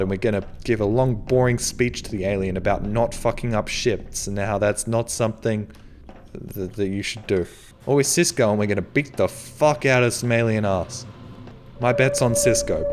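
A man's voice: mid-range voice, slight background noise. A man giving profane, joking commentary while playing a horror game, yelping when startled. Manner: profane, jokey, yelps in surprise. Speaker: let's play host. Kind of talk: gaming commentary.

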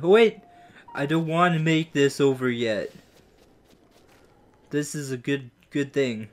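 A gaming YouTuber giving let's play commentary, excitable and goofy, swearing often and mocking themselves. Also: medium pitch.

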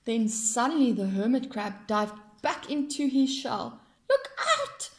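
A woman reading a rhyming children's picture book aloud in an expressive, sing-song way. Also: fairly high pitch, measured pace. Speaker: storyteller.

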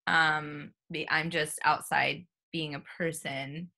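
A woman's voice: sits low, level tone, slow, creaky, bright, forceful tone. A woman hosting a podcast, responding in a supportive way with frequent ums. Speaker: podcast host. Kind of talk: casual interview chat.

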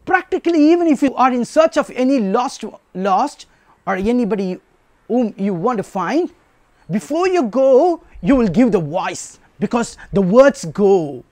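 High, lively-voiced male preacher. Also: unhurried, dry recording. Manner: emphatic, repetitive preaching with rhetorical questions. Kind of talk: sermon.

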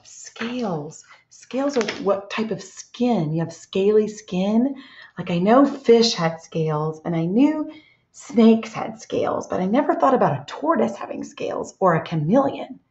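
A woman teacher talks young children through a read-aloud lesson, gentle and expressive, often stopping to ask them questions. Her voice sits at a middling pitch. The room is echoey and the sound is dull and lo-fi. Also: unhurried.

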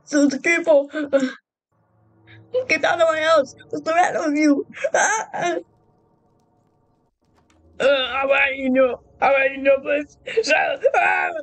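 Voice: sits high, fairly even intonation, a little slow, long pauses, a bit bright, dry recording. A performer voicing a timid, easily frightened man in a fan-made game role-play, crying out and pleading with lots of repetition. Faint music plays underneath. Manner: frantic cries and pleading, repeating himself. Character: timid young adult plumber man, jumpy and easily scared.

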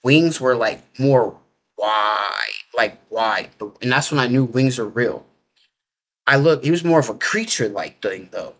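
A man's voice: mid-range voice, very animated, unhurried, creaky, a bit bright. A man telling his story in a loose, casual way, full of filler words and informal grammar. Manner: rambling, heavy use of filler 'like'. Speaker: interview guest.

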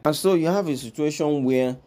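A man's voice: a little high, a little fast, mellow. A man, hosting a history lesson, walking through a pictured list and repeating each name with emphasis. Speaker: history channel host. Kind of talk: explaining pictured lists of names.

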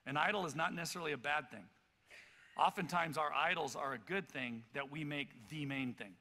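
A man preaching a sermon as pastor, telling a story in an animated, loud way with many stammered restarts. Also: medium pitch. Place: church auditorium. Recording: reverberant church hall.

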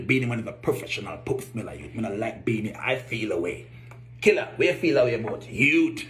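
A man's voice: medium pitch, a bit bright. Blunt Jamaican man ranting. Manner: blunt, mocking. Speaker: vlogger. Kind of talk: comic rant to camera.

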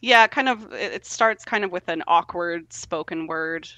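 A woman, a guest on a podcast, reviewing an album in a relaxed, casual chat full of ums. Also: on the low side, normal speed, no echo, low-quality recording. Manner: relaxed, hesitant with frequent ums.

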